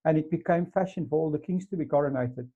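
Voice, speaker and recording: A man's voice: a little high, quick pace, husky. A man interviewing a guest, explaining history at length with many fillers. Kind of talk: casual interview chat. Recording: dull lo-fi sound.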